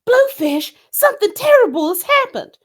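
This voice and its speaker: Woman doing a wailing high puppet fish. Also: very animated, slow pace, full character voice. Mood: distressed. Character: fretful puppet fish, Redfish.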